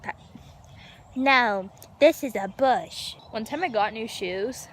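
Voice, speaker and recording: A young woman vlogging on her phone in a backyard, excitable and giggly, gasping and sometimes dropping to a whisper. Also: a little high, slow pace. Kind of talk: casual vlog chatter. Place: backyard outdoors. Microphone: handheld phone. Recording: noisy outdoor phone recording. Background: outdoor ambience with animals.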